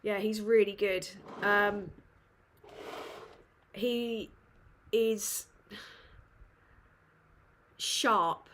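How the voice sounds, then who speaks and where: Slow, bright-voiced woman. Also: medium pitch, steady tone, a little hiss or hum. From northern England. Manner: sweary, self-mocking, rambling. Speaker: livestream host. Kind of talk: casual live Q&A chat.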